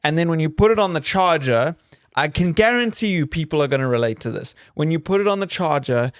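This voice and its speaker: A man's voice: on the high side, animated, fairly quick, dry recording, clean studio sound. A man from South Africa co-hosting a podcast in a casual, joking chat with rambling asides. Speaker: podcast co-host.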